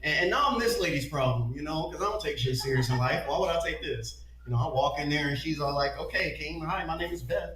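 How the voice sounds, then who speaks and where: A man's voice: fairly high pitch, lively intonation, fast, hardly any pauses, a bit bright. A man doing a crude stand-up set, often laughing at his own jokes. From Detroit, USA. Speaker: stand-up comedian. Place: comedy venue with laughing audience. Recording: echoey room, heard from far off, audience noise.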